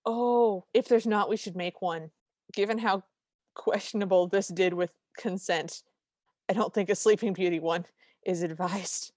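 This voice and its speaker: A woman's voice: mid-range voice, steady tone, unhurried, darkish tone, dry recording, studio quality. A woman co-hosting a podcast, giving wry, detailed recaps in casual chat. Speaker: podcast co-host.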